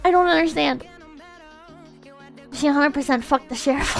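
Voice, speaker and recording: A woman streamer chatting casually to her chat, excitable and swearing, often breaking into shouts. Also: sits high, moderate pace, vocal fry, soft background music. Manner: excitable, swears a lot, bursts into shouting and laughter. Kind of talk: casual live-stream chat reading posts to chat.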